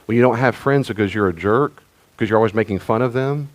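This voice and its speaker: Middle-aged pastor guy, deep voice, chatty and rambly, keeps restarting sentences. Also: fast. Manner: conversational, rambling with restarts and asides. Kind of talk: sermon-style teaching talk.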